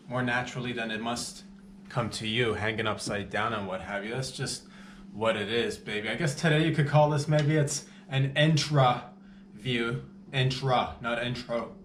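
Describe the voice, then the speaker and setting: A man's voice: medium pitch, a bit bright, lightly acted. A man playing a laid-back slangy vampire. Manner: slangy, rambling, calls everyone baby. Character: laid-back modern male vampire selling blood. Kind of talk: improvised comedy monologue. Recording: echoey room with faint background hum.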